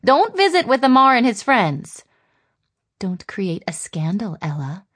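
A woman voicing a stern middle-aged mother who gives her daughter sharp orders. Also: medium pitch, sing-song, measured pace. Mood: commanding. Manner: commanding, sharp-voiced.

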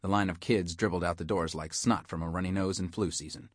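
Male audiobook narrator, low-ish voice, dry close read, hard-boiled wisecracking tone. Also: steady tone, a little fast, no echo. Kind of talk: scripted first-person story narration.

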